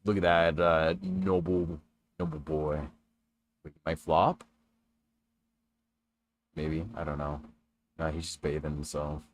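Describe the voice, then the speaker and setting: Young male gaming streamer, low voice, relaxed chatty delivery, home stream mic. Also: slow, pauses often, a little hiss or hum. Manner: laid-back, chatty, greets viewers while playing. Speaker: livestreamer. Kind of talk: casual gaming livestream chat. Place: his room at home. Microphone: stream microphone.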